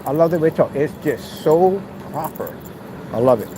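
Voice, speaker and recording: A man's voice: fairly high pitch, lively intonation, normal speed, mellow. A man talking casually while walking outdoors, mocking and teasing in a playful way. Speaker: vlogger. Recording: outdoor traffic noise.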